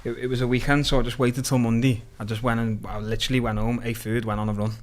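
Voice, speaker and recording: A young man from Liverpool with a Liverpool accent, a podcast guest telling stories in animated, sweary, slang-heavy casual chat. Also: medium pitch, fast talker.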